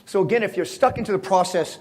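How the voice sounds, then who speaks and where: A middle-aged American man with a high voice tells stories to a live crowd. He laughs often and talks in animated bursts full of fillers and restarts. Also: quick pace. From United States. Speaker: speaker at a fitness symposium. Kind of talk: storytelling talk to a live audience.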